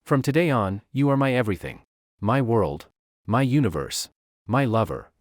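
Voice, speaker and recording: A man's voice: medium pitch, expressive, normal speed, no echo, studio quality, close to an everyday voice. A man voicing an obsessive young female vampire, clingy one moment and icy the next, in a recap storybook narration. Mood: devoted. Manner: intense, possessive declarations.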